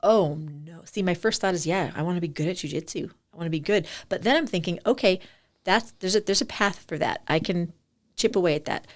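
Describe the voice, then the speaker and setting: A woman guest on a podcast with a voice pitched low for a woman. She talks with animated energy and laughs easily, often jumping back to restart a sentence mid-thought. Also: fairly quick. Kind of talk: casual interview chat.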